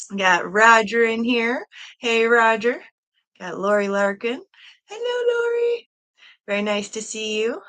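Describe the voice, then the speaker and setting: Bright-voiced, giggly woman livestream host. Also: a little high. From Michigan, USA. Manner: chatty, giggly, greets viewers by name. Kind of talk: casual solo livestream chat. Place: at home, in a room with a quilt hung on the wall.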